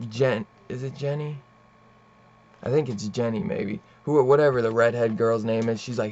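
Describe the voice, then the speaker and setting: A man's voice: medium pitch, moderate pace, darkish tone, dull audio. Casual man rambling through a plot recap. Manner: rambling, profane plot retelling with many fillers. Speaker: comic book reviewer. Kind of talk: casual comic book review.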